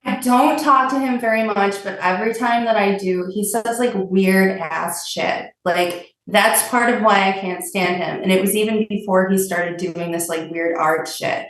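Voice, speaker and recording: A woman caller talks slowly and unsurely, circling around her point. She sounds far from the mic, in a roomy, echoing space. Her pitch is ordinary for a woman. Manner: hesitant and rambling, filled with "like". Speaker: caller seeking advice. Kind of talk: casual chat.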